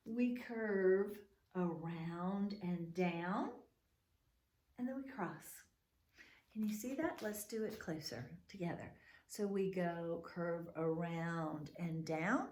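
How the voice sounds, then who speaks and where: A woman preschool teacher leads a letter lesson in a slow, unhurried, sing-song voice, encouraging and patient. She sounds some distance from the camera, and the room around her is echoey. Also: a little high, darkish tone, a little hiss or hum. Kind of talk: video lesson for young children. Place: classroom or home room with whiteboard.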